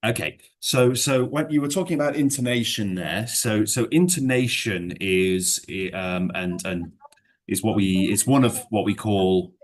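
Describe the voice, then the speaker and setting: Deep-voiced man teaching, rambling gently. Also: a little slow. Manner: rambling, hedging, full of fillers; explains with worked examples. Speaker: English exam teacher. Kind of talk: one-to-one lesson chat.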